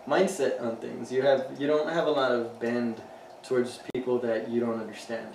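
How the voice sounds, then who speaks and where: A man's voice: mid-range voice, normal speed, creaky. A man co-hosting a podcast, chatting casually with lots of swearing and laughter. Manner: profane, laughing, animated banter. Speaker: podcast co-host. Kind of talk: casual chat. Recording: echoey room, mic at a distance, faint hiss.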